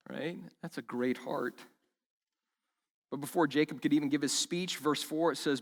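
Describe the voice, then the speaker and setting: A man preaching a sermon as pastor, animated and acting out the lines he quotes. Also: mid-range voice. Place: church service in a school hall. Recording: long hall reverb.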